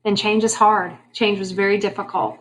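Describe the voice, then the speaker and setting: A woman's voice: medium pitch, steady tone, moderate pace, fairly bright tone, a little hiss or hum. A woman teaching a history lesson in a conversational way, asking her class questions and making wry asides. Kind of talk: classroom lecture.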